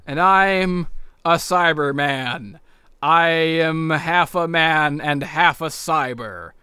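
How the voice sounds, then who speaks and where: A boastful cyborg monster rumbles along at a slow, mock-menacing pace, put on by a man with a bright voice. The recording is very dry and close. It sounds like a podcast joke rather than a real performance. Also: clear, resonant tone, dry recording.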